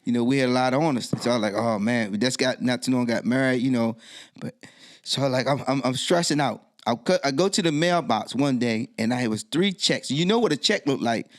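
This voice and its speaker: A man's voice: mid-range voice, a little fast. A middle-aged man, a DJ and podcast guest, telling a story in casual interview talk and acting out the dialogue in it. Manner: animated storyteller who acts out quoted dialogue.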